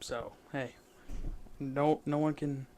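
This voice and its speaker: A man's voice: on the high side, steady tone, slow pace, a little mellow. A young man from the Midwest, co-hosting a casual podcast chat, agreeing often and trailing off mid-sentence. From American Midwest. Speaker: podcast co-host.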